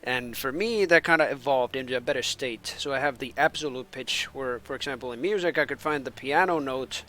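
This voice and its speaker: A man from Finland, a native Finnish speaker whose English sounds American, talks a little fast in a medium-pitched, pushed, bright voice. Working as an esports caster between matches, he rambles in casual stream chatter and laughs at himself.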